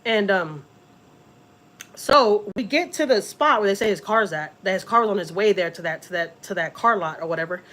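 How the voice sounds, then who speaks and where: A woman's voice: mid-range voice, moderate pace, poor audio. A middle-aged woman, rambling and emphatic as she tells a family story on a live stream. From Houston, Texas. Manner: rambling and emphatic, many "you know" and "like" asides, animated when voicing others. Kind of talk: casual storytelling.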